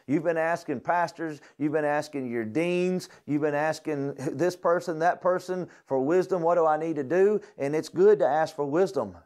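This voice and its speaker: A young man giving a fervent sermon-style lecture at a ministry school, exhorting his listeners and dropping into soft prayer. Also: a little high.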